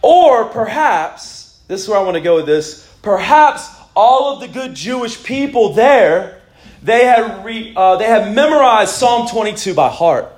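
A male pastor with a high voice delivers a sermon. He reads scripture aloud, swinging between loud, pleading lines and low, hushed ones. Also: expressive, a little slow, reverberant.

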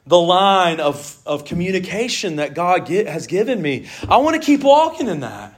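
Guy preaching, pretty high voice, chatty and jokey, talks to the crowd like friends. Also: moderate pace. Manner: animated, jokey, conversational with laughs and asides. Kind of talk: casual sermon.

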